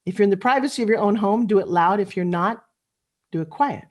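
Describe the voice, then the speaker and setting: A woman's voice: medium pitch, fairly quick, darkish tone. Middle-aged woman giving an earnest motivational talk. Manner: earnest, intimate storytelling that builds to rallying cheers. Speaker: motivational speaker. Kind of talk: motivational speech over video call. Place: home living room. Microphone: video call.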